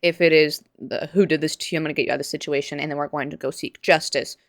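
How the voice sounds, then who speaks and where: Low-voiced young woman rambling to camera. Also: no room sound, studio quality. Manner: rambling, animated, many restarts and asides, quick laughs. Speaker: video essayist. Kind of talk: casual commentary to camera.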